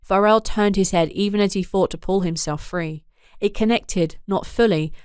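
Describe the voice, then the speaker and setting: A woman reading a story as audiobook narrator, in a measured, dramatic manner. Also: medium pitch, darkish tone, smooth, no room sound, studio quality. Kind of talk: scripted narration.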